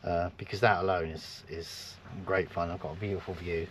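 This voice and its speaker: A very low-pitched man chats in a loose, rambling way while camping in his van, now and then lowering his voice to a near-whisper. A handheld camera records him outdoors, with clear background noise all around. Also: little pitch movement, moderate pace. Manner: rambling, chuckling, sometimes hushed to avoid being overheard. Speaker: vlogger. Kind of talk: casual camping vlog chat. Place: in a van at a forest campsite, outdoors. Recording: noisy outdoor ambience.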